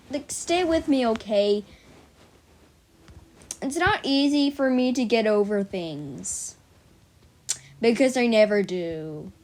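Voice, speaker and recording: A woman's voice: fairly high pitch, darkish tone. A teenage girl rambling casually to her viewers in a silly, chatty vlog, full of "like" and tangents. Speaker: vlogger.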